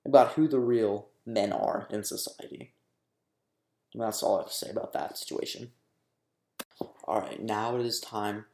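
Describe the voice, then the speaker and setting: A man's voice: mid-range voice, moderate pace, long pauses, darkish tone, roomy sound. A young man delivering a casual commentary rant, exasperated and sarcastic, swearing freely. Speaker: commentary YouTuber.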